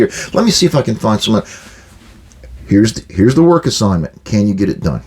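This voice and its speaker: A man's voice: lowish voice, sing-song, fairly quick, a little mellow, husky. An older man hosting a management advice talk, blunt and direct, acting out quoted exchanges with workers. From United States. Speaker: podcast host giving management advice.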